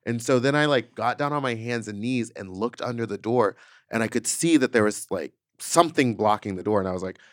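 A man co-hosting a podcast, telling a story in casual chat, full of "like" and animated retelling, into a studio mic. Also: mid-range voice, brisk, no room sound. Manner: chatty, peppered with "like", animated retelling. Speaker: podcast co-host.

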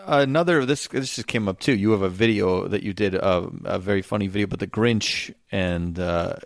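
A man co-hosting a casual podcast chat, rambling and animated, with many restarts. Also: low voice, moderate pace. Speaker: podcast co-host.

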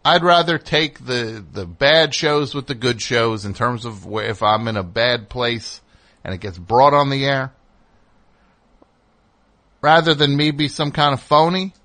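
Speaking a little slowly with a sharp tone, a radio studio host of a call-in show talks candidly and rambles. He breaks off mid-thought, his pitch climbing as he gets heated.

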